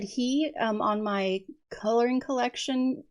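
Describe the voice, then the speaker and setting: A woman chats slowly and easily while she colors, her voice gravelly with fry. Allergies leave her hoarse, and she fills pauses with ums and little giggles. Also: medium pitch, a little mellow. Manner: chatty, many ums, giggles often. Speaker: coloring channel host. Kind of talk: casual coloring chat.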